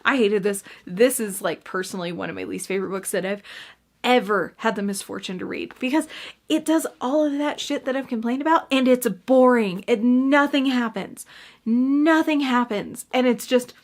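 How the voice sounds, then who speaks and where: A woman's voice: on the high side, fairly quick. A woman giving a casual book review full of cranky, profane rants and emphatic repetition. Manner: gestures a lot while talking.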